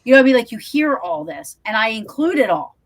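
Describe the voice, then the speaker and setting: A woman who investigates the paranormal, telling stories in an animated way and acting out quotes in a casual podcast chat. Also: fairly high pitch, quick pace.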